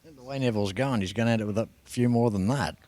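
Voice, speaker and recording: A man's voice: mid-range voice, quick pace, a little mellow. An Australian man hosting a car show, chatting casually and enthusiastically as he tours a collection. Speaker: host.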